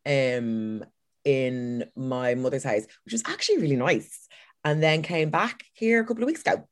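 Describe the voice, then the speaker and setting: A woman's voice: rumbling low, expressive. A woman from Ireland with a Dublin accent, a comedian guest bantering and teasing on a podcast video call. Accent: Dublin Irish. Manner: teasing, quick-witted banter. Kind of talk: casual podcast chat.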